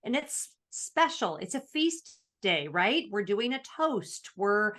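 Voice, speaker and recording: A woman co-hosting a podcast in casual chat, animated and thoughtful as she explains. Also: mid-range voice, slow. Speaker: podcast co-host.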